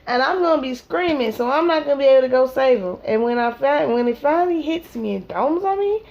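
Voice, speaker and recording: A woman vlogger and mother telling a rambling comic story at home during her child's naptime. She is animated and acts out scenes with silly voices and sound effects. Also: high voice, a little fast, vocal fry, muffled recording.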